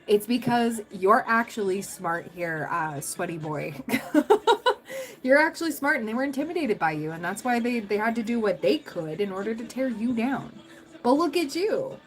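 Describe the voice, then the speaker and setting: A woman's voice: on the high side, big pitch swings, moderate pace, poor audio. A young adult woman hosting a tarot livestream, chatting casually with viewers, rambling through stories and laughing often.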